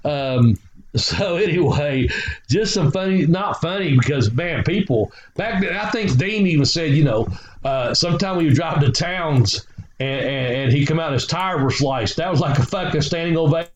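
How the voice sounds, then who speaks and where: A man's voice: a little high, lively intonation, moderate pace, slight background noise. A man, a guest telling rambling stories and swearing freely. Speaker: guest, former wrestler. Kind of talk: casual storytelling. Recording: roomy, slightly dull recording.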